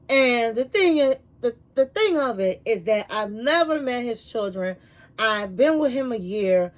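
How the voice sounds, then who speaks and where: A woman hosting a casual reality TV recap, telling the story in a chatty, animated way with asides like "honey". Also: on the high side, measured pace.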